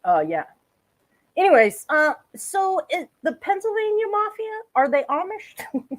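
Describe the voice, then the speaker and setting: High, lively sarcastic woman streamer. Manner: sarcastic, giggly, profane. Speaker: streamer reacting to a clip. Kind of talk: casual livestream commentary.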